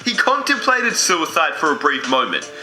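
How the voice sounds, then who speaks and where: A man reading a scripted sports story narration with a measured, dramatic delivery. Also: on the high side, very animated, bright, forceful tone, soft background music. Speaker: video narrator. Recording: roomy echo.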